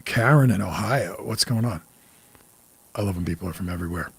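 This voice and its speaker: A New York-area man in his forties hosts a casual livestream as a psychic medium, speaking in a low-pitched, brisk voice with a breathy edge. He talks candidly, curses freely and greets viewers by name.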